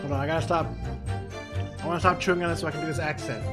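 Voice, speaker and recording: A man streaming a courtroom game, chatting excitedly between the lines he voices. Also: a little high, racing, music in the background. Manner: excitable, rambling. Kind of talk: casual game commentary.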